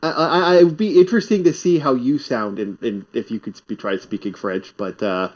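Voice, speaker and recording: A man's voice: mid-range voice, fairly quick, a little mellow. A talkative man from Canada, chatting animatedly and often repeating his words. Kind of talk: casual chat. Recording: slightly muffled audio.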